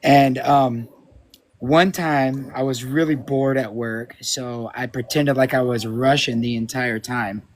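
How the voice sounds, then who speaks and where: A man's voice: medium pitch, steady tone, takes it slowly. A man co-hosting a live stream in casual chat, joking, swearing often and laughing at himself.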